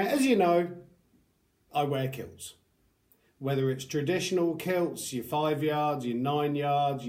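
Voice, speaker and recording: A man's voice: on the high side, a little mellow. A man reviewing products to camera, chatty and earnest, with upbeat greetings. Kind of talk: casual talk to camera.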